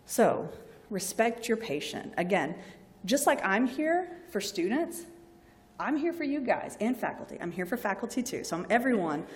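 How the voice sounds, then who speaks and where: With a lowish voice and big-room acoustics, a woman on a university library's staff gives students a chatty, informal lecture in a Southern US accent. She often breaks into short acted scenes, voicing both patients and doctors.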